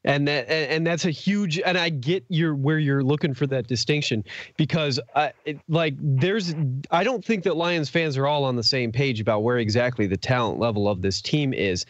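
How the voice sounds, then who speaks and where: A man co-hosting a sports podcast, talking through his analysis in a measured way. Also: fairly high pitch, no room sound, lo-fi sound. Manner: measured, thinking aloud. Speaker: podcast co-host.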